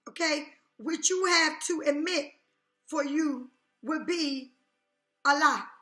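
A woman's voice: high-pitched, takes it slowly, sharp tone, reverberant. A woman giving a casual tarot reading, talking emphatically, repeating herself and checking in with "okay?" often. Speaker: tarot reader.

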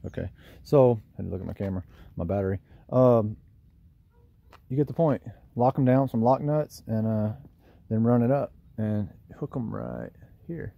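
Gravelly Southern man showing his trailer. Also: fairly low pitch, animated, moderate pace, long pauses, no echo, lo-fi sound. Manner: rambling, folksy, self-deprecating. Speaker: lawn care business owner. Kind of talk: casual DIY how-to vlog. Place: outdoors by a trailer.

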